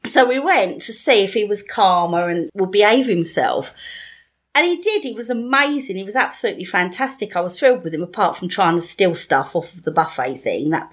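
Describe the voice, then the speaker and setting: Animated woman telling a story. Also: medium pitch. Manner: lively storytelling, animated, laughs often. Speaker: podcast co-host. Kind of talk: casual chat.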